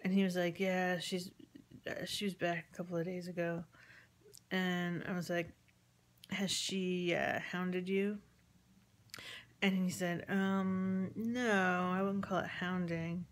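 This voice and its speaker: A woman's voice: on the low side, level tone, takes it slowly. A woman casually telling a personal story, rambling with many ums, acting out the conversations she quotes and sometimes dropping to a near-whisper. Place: at home with chickens nearby.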